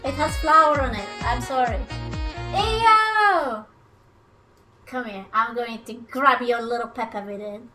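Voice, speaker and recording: A woman's voice: a little high, normal speed, few pauses, pushed and bright, faint music behind. A woman livestreaming herself cooking, chatting casually in a playful, teasing way with her viewers from her kitchen. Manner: playful, teasing, jokey banter with chat. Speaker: streamer.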